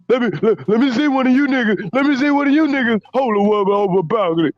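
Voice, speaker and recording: A man's voice: very high voice, animated, fairly quick, dry recording, lo-fi sound. A man doing a brash, profane ex-baller. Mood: boastful ranting. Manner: profane bragging, stammered restarts. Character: boastful drunk male ex-basketball star, arrogant. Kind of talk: comedic impression rant.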